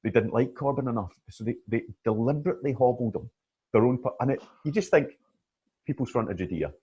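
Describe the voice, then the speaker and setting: A middle-aged Scottish man co-hosting a podcast in casual, animated chat, laughing often. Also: mid-range voice, a little fast, dull audio, a little hiss or hum. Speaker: podcast co-host.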